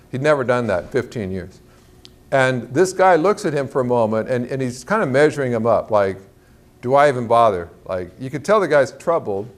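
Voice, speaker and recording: A man giving a sermon in a big church hall, speaking into a clip-on mic. He tells a long story and acts out the people in it, and his voice climbs high when he plays someone in a panic. His tone stays plain and mid-pitched when he narrates. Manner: animated storyteller, acts out quotes in a higher voice. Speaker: guest speaker.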